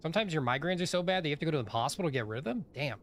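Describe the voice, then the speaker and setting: A man's voice: fairly high pitch, animated, rapid-fire, slight background noise. A man streaming a game live, talking casually to his chat in a rambling, chatty way with many fillers.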